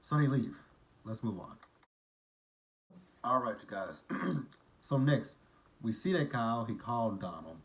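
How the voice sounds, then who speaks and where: A man's voice: medium pitch, lively intonation, unhurried, long pauses. A man casually recapping a TV episode, with blunt, profane and mocking asides. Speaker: TV episode reviewer.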